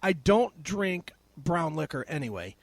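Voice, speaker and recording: A man's voice: a little high, very animated, unhurried, gravelly, dry recording. A man hosting a casual podcast chat, laid-back, laughing often and swearing freely. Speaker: guest host.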